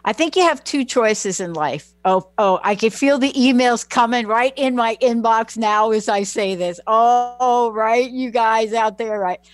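A woman with a Southern accent hosting a talk radio show, chatting and telling stories in a lively, self-interrupting way. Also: a little high, measured pace, hardly any pauses, dry recording. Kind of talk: casual talk radio monologue. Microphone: studio microphone, close.

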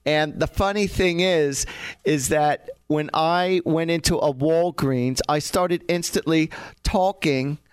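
A man's voice: fairly high pitch, takes it slowly, clear, resonant tone, no echo. A man, a psychic medium, chattily telling funny stories and laughing often. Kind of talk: casual storytelling.

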